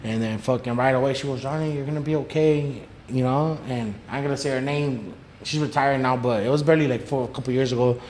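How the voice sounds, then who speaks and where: A man's voice: mid-range voice, steady tone, quick pace, few pauses, darkish tone. Slangy man in an echoey room. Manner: slangy and profane, retelling with quoted dialogue. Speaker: podcast guest. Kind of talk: casual storytelling. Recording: echoey room with faint noise.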